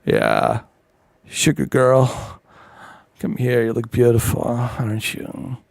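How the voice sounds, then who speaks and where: A man voicing a sleazy smooth-talking Texan pickup guy in a low, soft, crooning voice with slow, oily flattery. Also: no echo, full character voice. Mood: seductive.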